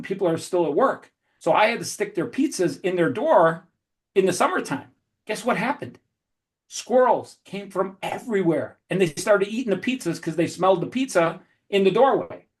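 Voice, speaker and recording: A man with a fairly high-pitched voice tells lively entrepreneurial stories as a podcast guest. He talks with restless energy and often restarts his phrases. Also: normal speed. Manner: energetic, animated storyteller with frequent restarts. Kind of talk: storytelling podcast interview.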